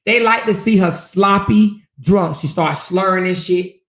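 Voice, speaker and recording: A woman's voice: mid-range voice, a little slow. A woman hosting a gossip commentary livestream, talking in a brash, profane, mocking way. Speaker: livestream host. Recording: roomy echo.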